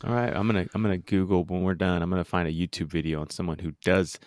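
A man's voice: sits low, fairly even intonation, fast talker, darkish tone, dry recording. A man hosting a podcast in casual interview chat, rambling and repeating words as he starts sentences. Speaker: podcast host.

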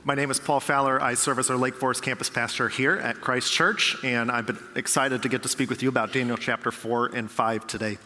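A man's voice: medium pitch, fairly even intonation, a little fast, hardly any pauses, pushed and bright. A man preaching a sermon as a pastor, talking in a conversational way and acting out quoted people. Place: large church hall. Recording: long reverb of a large church hall.

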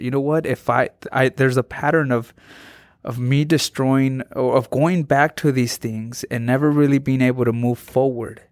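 A man's voice: medium pitch, no echo, studio quality. Earnest man sharing his testimony. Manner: earnest, halting, with frequent restarts. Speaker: interview guest. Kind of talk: personal testimony.

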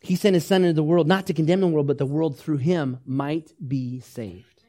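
A male pastor delivers a sermon in a voice pitched a little high for a man. He swings between loud, urgent emphasis and soft, tender asides, and keeps drawing the congregation in with questions and calls to repeat after him. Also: fairly even intonation, normal speed. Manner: asks the congregation questions and leads them in repeating phrases.

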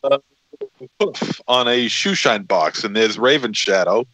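A man co-hosting a podcast, telling things in a playful, lively way. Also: mid-range voice, unhurried, rough recording. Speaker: podcast co-host. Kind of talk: casual podcast banter.

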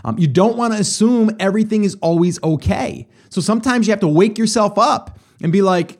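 A man's voice: high voice, expressive, normal speed, few pauses, a little mellow. A middle-aged man hosting a talk show, telling a personal story and turning it into business advice in a casual, conversational way with lots of asides to listeners. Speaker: podcast host.

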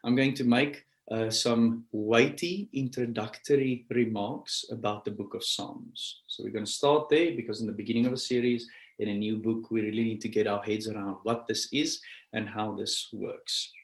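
A man preaching a sermon, earnest and animated, stretching key words as he speaks. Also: lowish voice, moderate pace, roomy sound, poor audio. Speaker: pastor.

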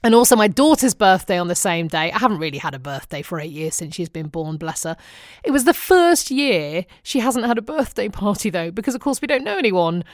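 A woman's voice: medium pitch, sing-song, a little fast, dry recording. Northern english woman from manchester doing a chatty diary vlog, wry jokes, dry close sound. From Manchester, England. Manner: chatty and wryly humorous. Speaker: vlogger.

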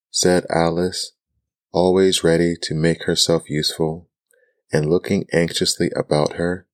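A man reading a bedtime story in a soft-spoken ASMR style, calm and soothing, close to the mic. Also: low-pitched, unhurried.

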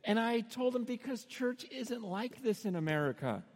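A middle-aged man preaching a sermon, telling stories and acting out the voices of the people in them, with sudden shouts. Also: extremely high pitch, lively intonation, normal speed. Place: arena. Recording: long reverb of a large arena.

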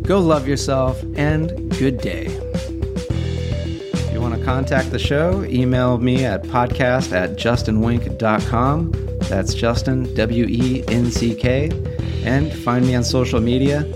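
A podcast host with a mid-range voice talks casually, offering upbeat, encouraging self-help advice with a playful touch.

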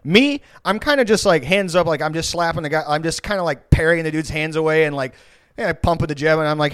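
Rich: A male podcast host telling a story in a casual, animated, rambling way that is full of swearing. His voice is fairly high for a man, and the sound is dry and close. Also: fairly quick, clean tone, no echo.

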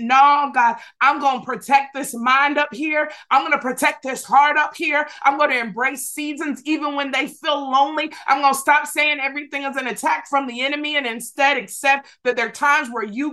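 A woman preaching with fervor in a high, bright voice. She builds rhythm through repeated phrases and calls her listeners to answer back. She is speaking through a video-call microphone. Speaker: Bible study teacher. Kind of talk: sermon-style Bible teaching.

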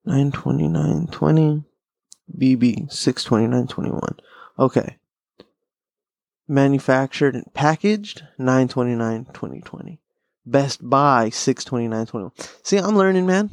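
Gravelly laid-back podcast host man. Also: medium pitch, expressive, measured pace, dry recording. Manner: rambling, profane, laid-back stoner talk. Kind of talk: casual solo podcast chat.

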